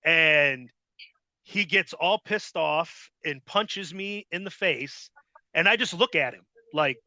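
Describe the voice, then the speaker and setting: A man's voice: fairly high pitch, slow, pushed and bright, no room sound. A man hosting a podcast, telling stories in a blunt, heavily profane casual style. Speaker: podcast host. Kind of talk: casual interview storytelling.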